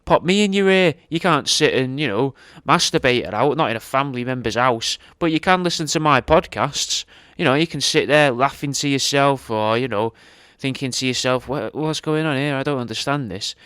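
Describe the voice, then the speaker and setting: A man's voice: medium pitch, moderate pace, a bit bright, clean tone, no room sound, studio quality. A man hosting a podcast, chatting in a crude, offhand way. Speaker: podcast host. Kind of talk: casual podcast chat.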